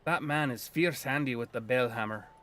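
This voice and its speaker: A man voicing a gruff, blunt male druid, guardian of the land, with a put-on loosely Scottish accent and a folksy, earthy manner. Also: mid-range voice, normal speed, bright, forceful tone, close to an everyday voice. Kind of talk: voicing a game character.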